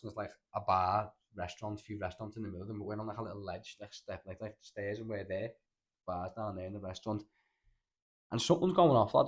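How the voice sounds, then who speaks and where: A podcast co-host with a Liverpool accent and a voice on the low side tells a long story on a casual podcast. He rambles, filling it with filler words and swearing.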